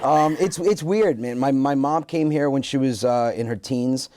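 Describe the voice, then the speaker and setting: A man who is a comedian telling animated, self-deprecating stories as a guest on a talk show. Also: mid-range voice, moderate pace, noisy background. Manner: animated, self-deprecating storyteller with frequent restarts. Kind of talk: casual storytelling interview.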